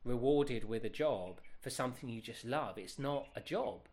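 A man's voice: medium pitch, moderate pace. A man in his fifties, a guest telling a long personal story in a casual, rambling way, correcting himself as he goes. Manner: animated, rambling, many self-corrections.

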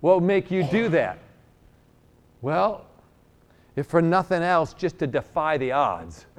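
In a slightly high voice and at a slow pace, a New York man in middle age preaches a sermon. His healing story is animated and laced with humor, and he voices both people in the dialogue.

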